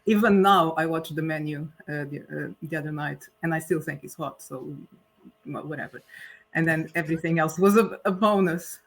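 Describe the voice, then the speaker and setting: A man from Portugal, a native Portuguese speaker, speaking English with a Portuguese accent in a casual film chat, candid and quick to laugh. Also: on the high side, creaky, a bit bright, slight background noise.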